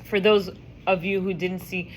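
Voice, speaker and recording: A woman teaching a class, telling a story in a lively, chatty way and acting out the voices. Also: fairly low pitch, moderate pace, a little hiss or hum. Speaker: teacher leading a women's class. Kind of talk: casual storytelling lesson.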